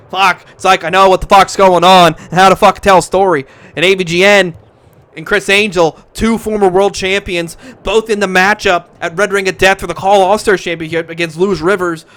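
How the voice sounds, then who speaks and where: A young man doing profane, excitable play-by-play for a hobby wrestling show, swearing constantly and breaking into shouted hype. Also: sits high, no echo. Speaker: fake wrestling commentator.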